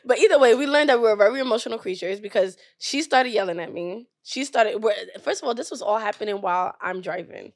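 Lively young woman co-hosting a podcast. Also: fairly high pitch, quick pace, hardly any pauses. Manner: animated storytelling, laughs often. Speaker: podcast co-host. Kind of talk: casual chat.

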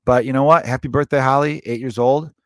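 A man's voice: mid-range voice, steady tone, brisk, fairly bright tone, no echo. Guy in his 30s doing a comedy podcast, swears a lot, loose and joking, dry close mic. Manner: loose, profane and jokey, many fillers. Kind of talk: comedic storytelling monologue.

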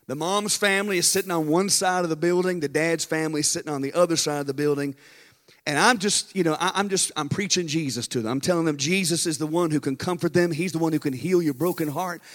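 A man, a pastor preaching and telling a story in an animated, folksy way with dramatic pauses. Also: fairly high pitch. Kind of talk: storytelling sermon. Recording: long reverb in a large hall.

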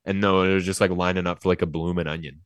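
A man's voice: low-pitched, flat delivery, fast, smooth, dry recording, clean studio sound. A young man co-hosting a podcast, telling stories in a loose, rambling way with lots of fillers. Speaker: podcast co-host. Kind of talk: casual chat.

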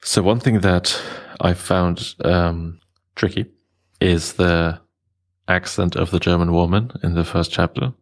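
A man's voice: sits low, a little slow. A man discussing a novel in a casual chat, hesitant and full of restarts. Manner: hesitant, many restarts and fillers. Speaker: book club participant.

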